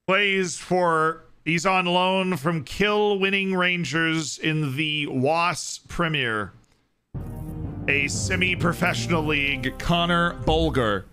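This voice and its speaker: A man streaming a video game live, chatting casually with excitable, laughing banter. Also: a little high, takes it slowly, clean tone, faint music behind.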